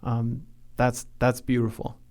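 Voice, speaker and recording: A man's voice: mid-range voice, completely flat delivery, takes it slowly, darkish tone. A man hosting a podcast interview who talks in a friendly, self-deprecating and reflective way. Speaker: podcast host.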